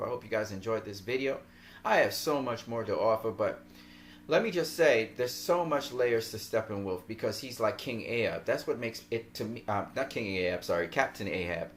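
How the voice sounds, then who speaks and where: Brief: a male movie vlogger, rambling and excitable, whose pitch swings widely, with a faint hum behind him. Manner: animated, laughs often, rambling. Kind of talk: casual film commentary.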